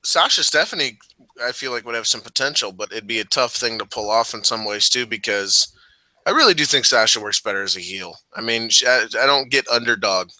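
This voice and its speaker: A man co-hosting a wrestling podcast, chatting casually, swearing freely and laughing loudly at his own jokes. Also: medium pitch, animated, fairly quick, no room sound, poor audio. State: giddy from cold medicine. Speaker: podcast co-host.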